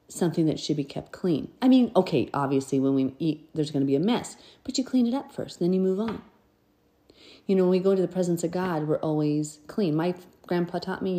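A woman's voice: low voice, warm tone. A woman hosting a podcast, reading scripture and commenting in an earnest, conversational way. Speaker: podcast host.

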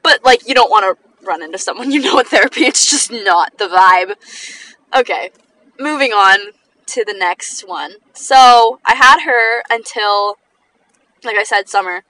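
A young vlogger chats casually while driving, telling personal stories, saying "like" constantly and laughing a lot. Her mid-range voice is pushed and bright and runs a little slow, captured on a rough recording.

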